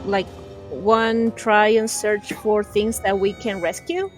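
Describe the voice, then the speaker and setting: A woman's voice: medium pitch, flat delivery, slow, soft background music. A woman playing a tabletop role-playing game, planning things out step by step. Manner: methodical, planning aloud. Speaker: player. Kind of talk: casual tabletop game chat.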